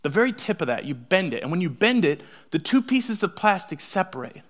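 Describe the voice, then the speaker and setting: A young adult man preaching a sermon with humorous stories, swinging from loud exclamations to hushed asides. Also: high-pitched, very animated, fairly quick. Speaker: pastor.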